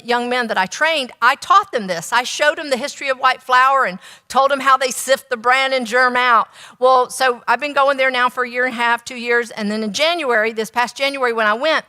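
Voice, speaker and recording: Woman, nutrition teacher, lively storytelling, higher voice, echoing hall. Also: fairly quick, hardly any pauses. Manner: animated, rhetorical questions to the audience. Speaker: nutritionist giving a talk.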